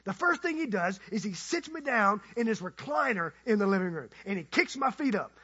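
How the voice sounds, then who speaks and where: A male guest preacher with a very high, bright, husky voice preaches in a playful storytelling manner, talking with his listeners as much as at them. The sermon recording sounds muffled and lo-fi. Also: a little fast. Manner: animated, conversational, playful with the congregation.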